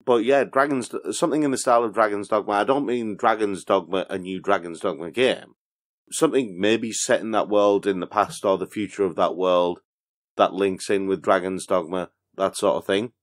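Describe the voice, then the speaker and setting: A man's voice: on the low side, moderate pace. A man co-hosting a casual podcast, playful and mock-dramatic. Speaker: podcast producer and co-host. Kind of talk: casual chat.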